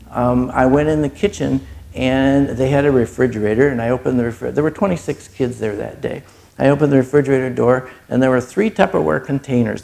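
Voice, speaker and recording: A middle-aged man giving an earnest personal testimony as a charity speaker, telling his story with pauses and moments of being choked up. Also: mid-range voice, darkish tone. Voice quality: gravelly.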